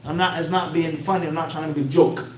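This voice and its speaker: A man's voice: on the high side, steady tone, fast. A man with a Philadelphia accent giving an Islamic lecture to a class, bluntly streetwise, tossing out rhetorical "what?" questions for listeners to answer. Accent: Philadelphia American. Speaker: Islamic teacher. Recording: echoey room, mic far off, faint hum.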